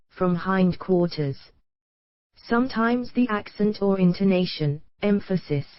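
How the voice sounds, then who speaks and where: A woman reading a nonfiction audiobook aloud in an even, measured narration. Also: fairly low pitch, no echo. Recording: dry, dull lo-fi audio.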